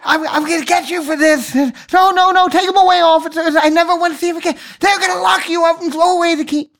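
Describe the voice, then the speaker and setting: Panicky high-pitched man in denial, shrill and strained, put on by a podcast host. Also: steady tone, fast, a bit bright. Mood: shrill pleading. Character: panicky high-voiced man pretending innocence.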